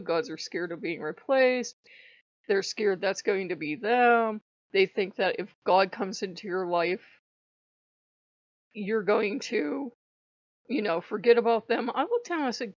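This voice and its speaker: A woman's voice: medium pitch, dry recording, dull audio. A woman hosting a casual storytelling vlog, chatty, laughing often and acting out bits of dialogue. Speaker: channel host.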